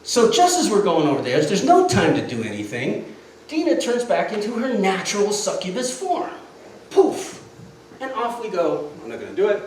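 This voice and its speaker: A man's voice: high-pitched, a little fast. A man in his fifties telling a comic tall tale with lots of laughter. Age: 50s. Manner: animated, laughing often. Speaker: storyteller. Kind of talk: comic storytelling skit. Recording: echoey room from far off, faint noise.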